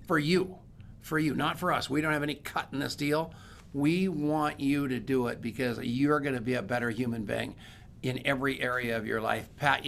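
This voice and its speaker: Gravelly-voiced male podcast host. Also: mid-range voice, fairly bright tone, a little hiss or hum. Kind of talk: casual chat.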